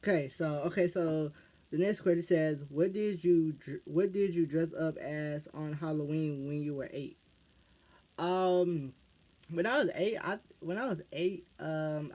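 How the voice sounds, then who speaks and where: Halting American guy, slightly high voice. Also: darkish tone. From United States. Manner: halting, restarts phrases over and over. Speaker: YouTuber answering fan questions. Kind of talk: casual Q&A vlog. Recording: dull lo-fi recording.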